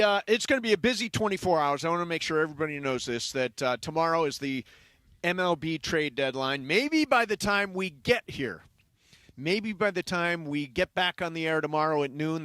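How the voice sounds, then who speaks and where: A man's voice: fairly high pitch, fairly bright tone, dry recording. A man hosting a sports talk radio show, chatting casually and rambling with plenty of fillers.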